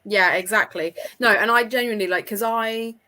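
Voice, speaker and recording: A young woman co-hosting a casual chat, excitable and quick to laugh, swearing freely. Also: medium pitch. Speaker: podcast co-host.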